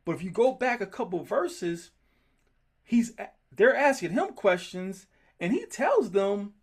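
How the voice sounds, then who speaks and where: Animated, high-pitched man teaching scripture. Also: a little slow, husky. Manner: animated, emphatic, gets worked up. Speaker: Bible study teacher. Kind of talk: group scripture study.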